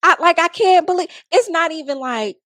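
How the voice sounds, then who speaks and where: Podcast guest: young woman, lively pitch, salty and emphatic, dry close sound. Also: normal speed, no echo. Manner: animated and emphatic, with frequent profanity. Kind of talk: candid casual chat.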